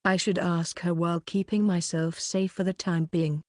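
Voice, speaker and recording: Low-voiced woman narrating an audiobook. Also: flat delivery, normal speed, darkish tone, no echo, studio quality. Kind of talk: scripted narration.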